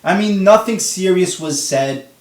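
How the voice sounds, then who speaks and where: A young man delivers a profane, exasperated rant reviewing a wrestling show. His voice sits a little high. He is set back from the mic, and the room adds a noticeable echo. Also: expressive, measured pace. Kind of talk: casual vlog review. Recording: roomy echo, distant from mic.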